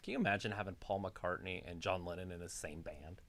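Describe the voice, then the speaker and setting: Low-voiced woman co-host reacting on a stream. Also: fairly quick. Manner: teasing, laughs along, lively reactions. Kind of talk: casual chat and play-by-play reactions.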